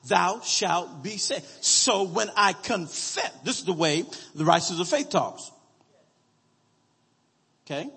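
High, husky-voiced preacher in a hall. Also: male voice, lively intonation, bright, forceful tone. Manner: reads scripture slowly, calls out to the congregation. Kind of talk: sermon.

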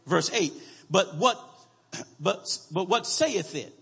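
High, husky-voiced preacher in a hall. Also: male voice, animated, a bit bright. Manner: reads scripture slowly, calls out to the congregation. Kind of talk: sermon.

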